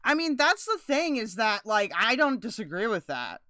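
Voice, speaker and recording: Clear-voiced woman reacting bluntly. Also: on the high side, big pitch swings, moderate pace, bright, forceful tone, no room sound, clean studio sound. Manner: blunt, reacts with swearing and disgust. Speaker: stream host reacting to clips. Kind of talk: casual reaction commentary.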